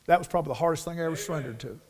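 A middle-aged man preaching with a fairly high voice. He talks in a folksy, heartfelt way, repeating words for emphasis and swinging between quiet and fervent loud passages. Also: racing. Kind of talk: sermon.

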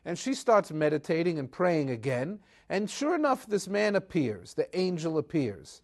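Animated man retelling a scripture story. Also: on the high side, normal speed. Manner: lively retelling, acting out characters' quotes; mixes Hebrew terms into casual English. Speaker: Torah teacher. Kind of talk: weekly Torah portion storytelling.

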